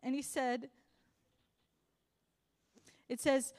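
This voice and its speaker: A young woman preaching with a high-pitched voice. She is casual and conversational when telling her story. She swells into fervent, forceful exhortation when she speaks to the church. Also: moderate pace. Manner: impassioned, rising to loud exhortation. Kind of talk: sermon.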